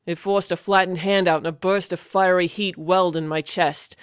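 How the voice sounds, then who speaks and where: High, smooth-voiced male narrator. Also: steady tone, moderate pace, no room sound, clean studio sound. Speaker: audiobook narrator. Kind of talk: first-person fantasy audiobook narration.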